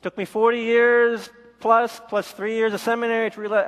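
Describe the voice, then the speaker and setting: Middle-aged male pastor, high voice, sermon with personal story, long echo of a church hall. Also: flat delivery, normal speed, fairly bright tone. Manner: candid storytelling, acts out quoted voices.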